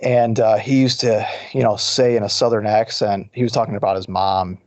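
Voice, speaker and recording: A man's voice: lowish voice, steady tone, normal speed, darkish tone, no room sound. A man co-hosting a casual podcast, earnest and conversational, often restarting his sentences. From Detroit area. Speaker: podcast co-host. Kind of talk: casual chat.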